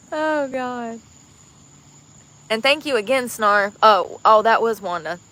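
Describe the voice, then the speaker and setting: A woman's voice: fairly high pitch, expressive, slow pace, sharp tone. A woman livestreaming outdoors on the street, chatting casually and rambling to her viewers.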